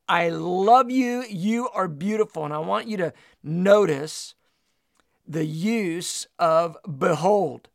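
A man's voice: high-pitched, vocal fry, a bit bright, no echo, studio quality. A man preaching a sermon, reading scripture aloud and teaching with emphatic delivery.

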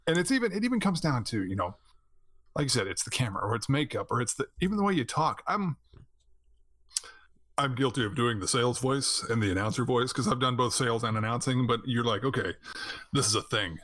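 Podcast host, thirties man, animated storyteller, mid-pitched, dry close sound. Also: a little fast, no echo. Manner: animated storyteller, laughs often, acts out quotes. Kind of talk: casual chat.

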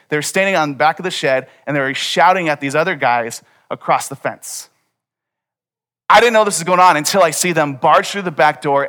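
A man preaching a sermon, telling a personal story and acting out the dialogue with lively energy. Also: on the high side. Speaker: pastor.

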